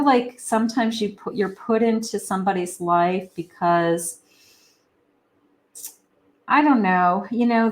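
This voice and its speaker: A woman, a psychic, giving a rambling, casual tarot reading with many fillers. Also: mid-range voice. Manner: acts out lovers' quoted lines.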